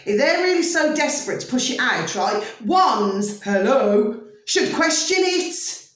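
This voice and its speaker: A woman's voice: fairly high pitch, sing-song, measured pace, a bit bright, heavy reverb, recorded from a distance. A woman vlogger in an opinionated monologue, emphatic and ranting, forever asking her viewers if they see what she means. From United Kingdom.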